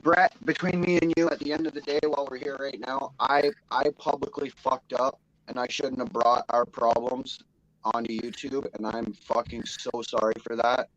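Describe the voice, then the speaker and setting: A man's voice: mid-range voice, steady tone, normal speed, a bit bright, lo-fi sound. A man on an online panel speaking earnestly and emphatically, swearing freely. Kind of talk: casual online panel chat.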